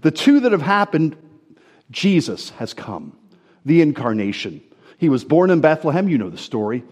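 A middle-aged American man from New Jersey with an American accent, reading scripture and preaching a sermon in an expressive storytelling manner. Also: normal speed, lo-fi sound. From New Jersey, USA. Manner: expressive storytelling delivery, lively swings of pitch.

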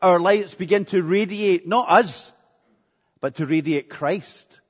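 A man's voice: high-pitched, slow. A man preaching a sermon with earnestness, repeating phrases for emphasis. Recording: echoey hall, dull lo-fi sound.

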